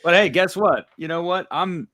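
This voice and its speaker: A man's voice: high voice, moderate pace, pushed and bright, no room sound. A man hosting a podcast in a casual, rambling, upbeat way. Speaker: podcast host. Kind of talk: casual chat.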